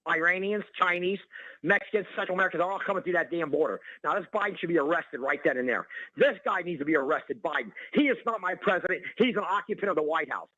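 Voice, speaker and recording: A male caller on a talk radio show, ranting excitedly and calling the host by name over and over. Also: high voice, fast, dry recording, dull audio. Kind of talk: heated call-in rant.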